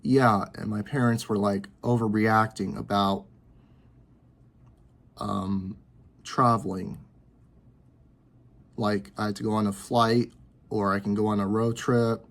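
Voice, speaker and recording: A young man in his twenties speaks to camera from his bedroom. His voice sits somewhat low, and he rambles, circles back and restarts sentences as he goes. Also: level tone, vocal fry. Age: 20s. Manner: rambling, repetitive, halting. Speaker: vlogger. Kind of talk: personal talk to camera.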